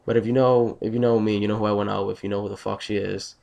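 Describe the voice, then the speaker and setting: A young man tells a story straight to his viewers, tired from just waking up. His voice sits low with a gravelly rasp. He rambles, restarts and swears freely. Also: little pitch movement, fast talker, dull audio. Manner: rambling, profane, blunt. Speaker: vlogger. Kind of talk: casual storytelling vlog.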